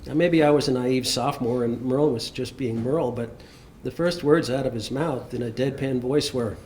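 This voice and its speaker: A man's voice: mid-range voice, normal speed, slight background noise. A man at a memorial service, reading written memories aloud with fondness and the occasional laugh. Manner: warm, fond reading, often laughing.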